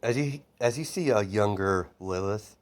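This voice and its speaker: A man's voice: on the low side, normal speed. A man casually retelling a fan-made story, rambling with many fillers and restarts. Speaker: narrator.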